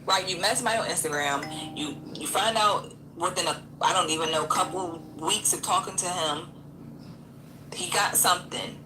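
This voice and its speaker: A woman's voice: lowish voice, normal speed. A woman co-hosting a reaction video, questioning and blunt in casual commentary. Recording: roomy room with background noise.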